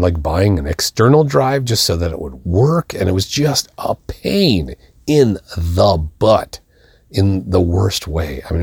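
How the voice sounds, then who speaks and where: A man's voice: lowish voice, vocal fry, no room sound, clean studio sound. A middle-aged man hosting a podcast, telling a story casually and acting out the quoted lines with a raised voice. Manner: animated, acts out quoted dialogue in a raised voice. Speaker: podcast host.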